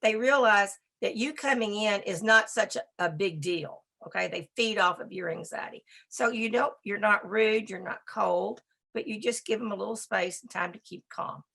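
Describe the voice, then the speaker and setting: A woman giving a presentation on dog behavior, talking in a brisk, emphatic and conversational way. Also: medium pitch, creaky, a bit bright, husky. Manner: talks to a slide assistant. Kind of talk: presentation lecture.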